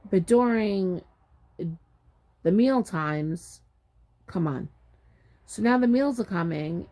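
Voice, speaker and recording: A woman's voice: fairly low pitch, vocal fry, warm tone. A woman casually telling a personal story in a chatty, exasperated way, acting out what people said. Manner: chatty, exasperated retelling with acted-out quotes.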